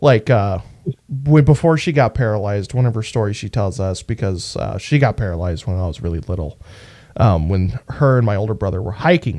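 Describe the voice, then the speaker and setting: A man co-hosting a podcast, telling stories in an animated way and swearing freely. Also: mid-range voice, no room sound, clean studio sound. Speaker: podcast co-host. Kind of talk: casual podcast chat.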